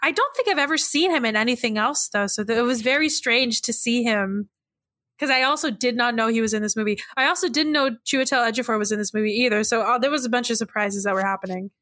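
A woman co-hosting a podcast, chatting casually about a movie, animated, laughing often and swearing freely. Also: a little high, fast talker, no room sound, clean studio sound. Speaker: podcast co-host.

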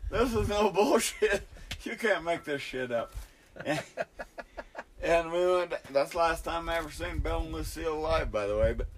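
A man's voice: a little high, expressive, moderate pace, slight background noise. An older man telling rambling, profane stories in a casual chat, laughing as he goes. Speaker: storyteller among hunters. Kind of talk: casual storytelling.

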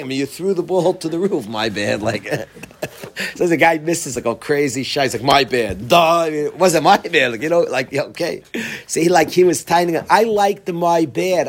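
A man's voice: a little high, normal speed. A man teaching an informal Torah class, repeating key phrases and mixing Hebrew terms with casual asides. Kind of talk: informal Torah lecture with stories.

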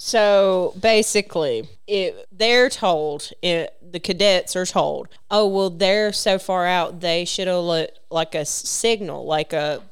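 A woman's voice: lowish voice, slow pace, few pauses, clear, resonant tone, no echo, clean studio sound. A woman co-hosting a casual book podcast, explaining plot points with lots of fillers and playful takes. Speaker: podcast co-host.

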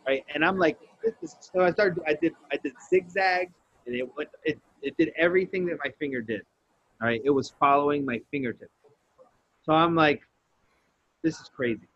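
A man's voice: fairly high pitch, moderate pace, breathy edge, no room sound, lo-fi sound. A man telling a story in casual podcast chat, swearing freely and acting out the lines he quotes. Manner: profane, animated storyteller who acts out quotes.

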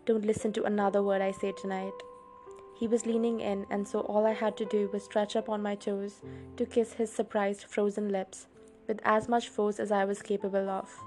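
Woman hosting a read-along, expressive storytelling voice, mid pitch. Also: normal speed, faint music behind. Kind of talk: audiobook reading.

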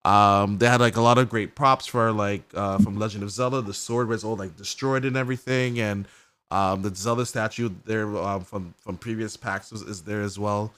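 A man with a smooth, fairly low voice speaks at a moderate pace as co-host of a casual gaming podcast. He meanders through an event recap, filling it with "like" and animatedly acting out how characters reacted.

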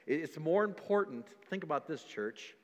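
A man's voice: on the high side, animated, moderate pace, long reverb tail, dull audio. A man preaching a sermon, reading scripture aloud and acting out the doubting voices of people in the story. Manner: acts out voices of listeners in the story; reads scripture aloud in old-fashioned wording. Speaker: pastor. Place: church hall.

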